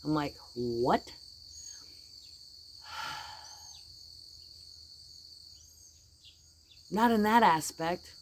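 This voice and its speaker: A woman's voice: low-pitched, a little mellow. Middle-aged American woman vlogger, rambling and exasperated, blunt talker who swears casually; faint hiss underneath. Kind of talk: casual venting monologue.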